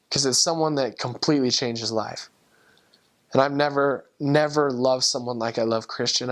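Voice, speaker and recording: A man, a former missionary, telling a personal faith story in an earnest, heartfelt, halting way. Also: medium pitch.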